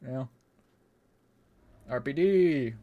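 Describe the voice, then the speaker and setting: A young man talks over his gameplay in a loose, rambling way, peppering every thought with curses. His voice sits at an ordinary middle pitch, and he laughs easily between remarks. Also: slow pace, narrow, tinny audio. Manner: rambling, profane, laughs often. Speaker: streamer. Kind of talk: casual gaming commentary.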